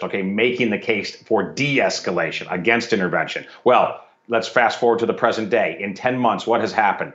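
Casting note: male pundit, low voice, calm argumentative delivery, echoey lo-fi remote feed. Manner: measured, argumentative, citing numbers. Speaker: guest commentator. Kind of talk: political talk show commentary. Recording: echoey, dull remote line.

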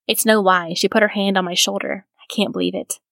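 A man's voice: sits high, flat delivery, fairly quick, creaky, fairly bright tone, no echo, studio quality. A woman reading the lines of a hardened male murderer in prison, speaking with gasping disbelief. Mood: stunned. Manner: incredulous, gasping.

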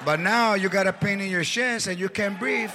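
A man's voice: high voice, moderate pace, background noise, lightly acted. A man voicing an older wife who sarcastically scolds her husband. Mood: sarcastic.

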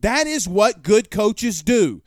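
A man's voice: sits high, sing-song, slow pace, no room sound, studio quality. A man hosting a casual sports talk stream from home, arguing his points emphatically with rhetorical questions. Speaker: sports talk show host. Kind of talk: casual live-stream commentary. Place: home room.

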